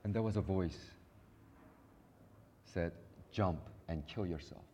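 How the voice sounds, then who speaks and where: A middle-aged man preaching a sermon, acting out prayers and dialogue, with sudden loud rises and soft low passages. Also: takes it slowly, dull audio, a little hiss or hum. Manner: acts out prayers and voices in dialogue. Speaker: pastor.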